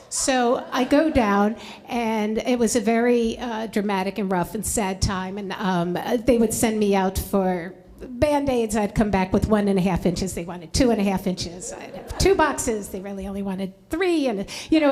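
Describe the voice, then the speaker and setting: A woman's voice: mid-range voice, normal speed, few pauses, darkish tone. A woman in her fifties telling a personal story to a live library audience, chatty and full of fillers and restarts. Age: 50s. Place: library event before an audience.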